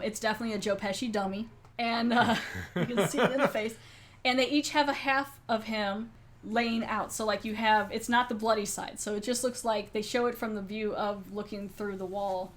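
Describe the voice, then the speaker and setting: Chatty woman podcast host. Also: fairly high pitch. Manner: animated, chatty retelling of plot. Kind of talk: casual film review chat.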